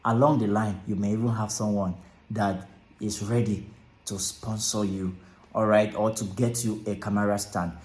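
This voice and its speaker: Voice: medium pitch, flat delivery, moderate pace, a little mellow. A speaker with a Nigerian accent from Akwa Ibom, giving casual advice straight to camera. They repeat phrases, say "all right" often and slip into pidgin. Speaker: content creator. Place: small closed room indoors. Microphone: camera mic, no clip-on mic. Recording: echoey room, camera mic.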